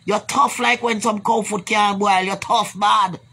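A Jamaican vlogger rants bluntly to camera in a husky, mid-range voice that is pushed and bright, keeping a steady tone and a slightly slow pace. She swears, repeats herself as she rambles, and ends by offering blessings to her viewers.

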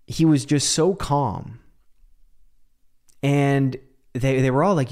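A man's voice: mid-range voice, fairly even intonation, unhurried, darkish tone. A man hosting a solo podcast, talking casually and animatedly, laughing often and swearing now and then. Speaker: podcast host.

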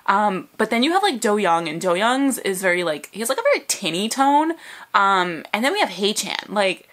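Over faint music, a woman hosting a music video reaction vlog gushes emotionally, fangirling with excitement. Her voice is mid-range and her pace moderate.

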